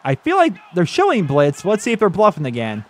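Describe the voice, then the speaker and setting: A man giving excited, chatty commentary over his own football video game, laughing and talking straight to his viewers. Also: sits high, fairly quick. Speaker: gaming YouTuber.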